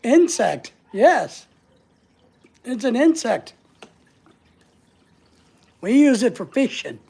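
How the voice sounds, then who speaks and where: A woman's voice: on the high side, very animated, extremely slow, creaky, long pauses, dark tone, breathy edge. A woman hosting a casual livestream, answering viewer comments in a playful, teasing way and laughing often. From United States. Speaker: livestream host.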